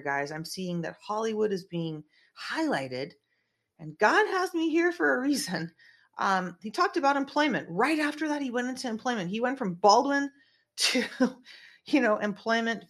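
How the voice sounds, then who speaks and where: A woman's voice: a little high, sing-song, unhurried, fairly bright tone. Brief: woman host, rambling conspiratorial commentary, lots of fillers, small room. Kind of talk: casual political commentary.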